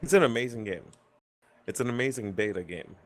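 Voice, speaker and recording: A man's voice: mid-range voice, brisk. A man explaining his opinions on games in a casual round-table chat. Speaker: panelist.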